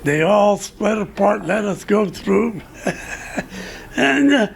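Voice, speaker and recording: A man's voice: sits high, lively intonation, creaky, breathy edge. An older man, a veteran, telling a rambling war anecdote at a live storytelling event, chuckling as he goes. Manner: chuckling, rambling, slow delivery. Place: restaurant event room.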